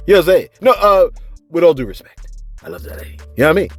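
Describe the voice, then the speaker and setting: Male gossip host, animated and playful, with big pitch swings over faint background music. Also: racing. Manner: loud, joking, acts out voices with big swings in pitch. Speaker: celebrity gossip show host. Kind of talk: animated commentary to camera.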